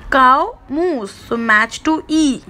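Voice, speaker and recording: A woman with an Indian English accent, teaching an online class to young children in a slow, sing-song way. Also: high voice, expressive, pushed and bright, rough recording. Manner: slow, sing-song, mimics animal sounds for kids.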